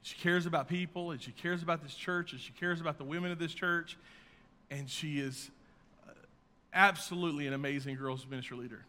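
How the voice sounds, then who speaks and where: A pastor delivers a brisk sermon in a high, bright, ringing voice, building to emphatic peaks before dropping into soft asides. Each phrase trails off in long reverb, like a church sanctuary.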